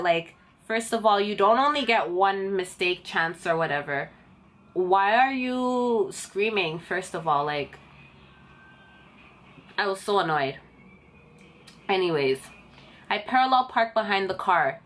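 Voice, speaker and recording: A woman's voice: medium pitch, unhurried, pauses often. A young woman telling an indignant story to camera in a casual vlog. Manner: animated and indignant, talks to camera. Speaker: vlogger.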